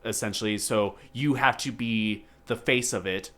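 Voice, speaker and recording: A man's voice: lowish voice, moderate pace, fairly bright tone. Rambling young-sounding podcast man. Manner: rambling, lots of fillers and restarts. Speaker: podcast host. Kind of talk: casual chat about a movie.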